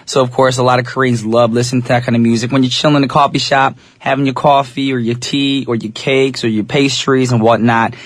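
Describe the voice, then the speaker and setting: A young male radio DJ with an easygoing, chatty manner, talking directly to his listeners. His voice sits at a middle pitch and is slightly raspy. The studio sound is dry and close. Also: little pitch movement, a little fast, few pauses, no echo. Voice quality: a little raspy today. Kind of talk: English-language radio DJ chat.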